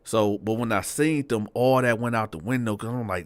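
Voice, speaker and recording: Man, low voice, dry close sound, casual street-slang storytelling, animated quoted dialogue. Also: moderate pace, few pauses, dry recording. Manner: animated, acts out dialogue with big pitch jumps; slangy street talk, frequent "right?" asides.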